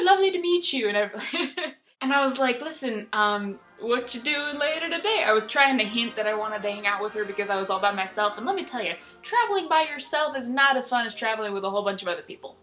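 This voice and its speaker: A young woman telling travel stories in a chatty, excitable, geeky vlog. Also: sits high, fast, soft background music. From United States. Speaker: travel vlogger. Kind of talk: casual storytelling vlog.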